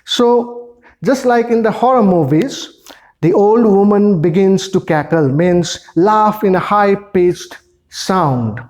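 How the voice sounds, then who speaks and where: Unhurried teacher, patient and repetitive, mid-pitched. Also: animated, darkish tone. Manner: slow, repetitive explaining with restarts. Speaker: English teacher. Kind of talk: classroom poem explanation.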